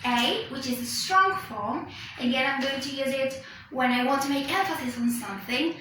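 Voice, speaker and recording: A woman whose first language is Spanish walks through a pronunciation lesson slowly, pausing to check understanding and fixing her own slips. Her high, bright voice sounds from a distance. It rings through a very echoey room with faint background noise. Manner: slow and deliberate, checking with "okay?", self-corrects. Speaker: English pronunciation teacher. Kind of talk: recorded lesson explanation.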